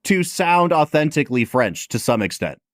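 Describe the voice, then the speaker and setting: Expressive male podcast host, dry sound. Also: a little high, moderate pace, no room sound. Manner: enthusiastic, expressive. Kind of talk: casual chat.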